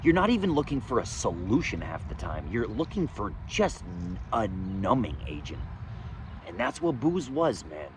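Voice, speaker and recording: A man telling his own story in a candid, profane monologue outdoors, swinging between loud emphasis and low muttering. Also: big pitch swings, normal speed, background noise. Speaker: vlogger sharing his recovery story. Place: outdoors, sunny day.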